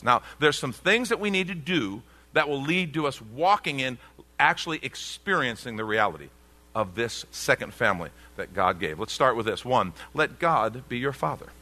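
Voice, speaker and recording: Bright-voiced male pastor preaching. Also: medium pitch, sing-song, brisk, big-room sound. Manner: emphatic preaching with repeated phrases. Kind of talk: sermon. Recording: radio broadcast of a church sermon.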